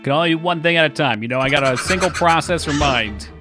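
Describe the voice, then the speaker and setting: A man streaming a game live, chatting casually and excitably, joking and swearing often. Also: fairly high pitch, fast talker, music in the background.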